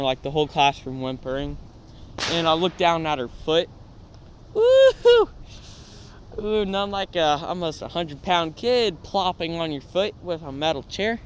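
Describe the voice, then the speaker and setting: A man telling funny childhood stories in a casual, lively way, often checking in with "right?" and "all right?". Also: a little high, a little hiss or hum. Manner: lively anecdotes with frequent "all right?" and "right?" tags. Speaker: storytelling channel host. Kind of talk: casual storytelling.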